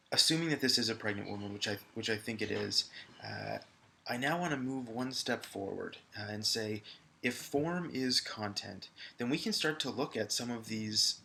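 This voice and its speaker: A male high school English teacher records a video lesson, talking conversationally to viewers and using lots of fillers. His voice is creaky, pushed and bright.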